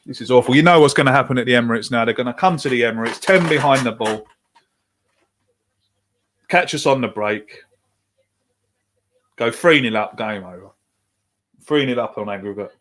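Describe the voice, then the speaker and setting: Speaking at a normal speed with long pauses, a man with a medium-pitched, slightly bright voice streams a football watch-along as a podcast host. He reads viewer comments aloud and reacts to the match with exasperated frustration.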